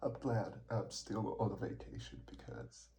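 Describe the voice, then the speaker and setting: A man vlogging through an allergy sneezing fit, talking slowly and dropping into a whisper between sneezes. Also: fairly low pitch, dark tone, slight background noise. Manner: slow, partly whispered talk between sneezes. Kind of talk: casual talk to camera.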